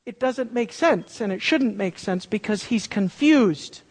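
A preacher delivering a sermon in an animated way, repeating words for emphasis and acting out quotes. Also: medium pitch, a little slow. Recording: long reverb of a large hall.

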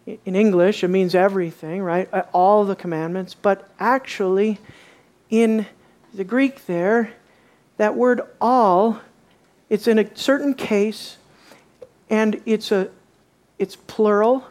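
A woman's voice: mid-range voice, slow pace, pauses often. A woman teaching a bible study, asking her listeners questions and acting out the quoted lines. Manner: animated, asks the audience questions, acts out quotes.

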